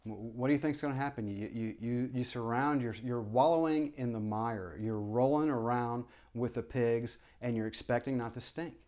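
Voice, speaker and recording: A former preacher vlogging to camera rambles through his views with many restarts and apologies, pressing impassioned rhetorical questions. His medium-pitched voice has a darkish tone and a moderate pace with hardly any pauses.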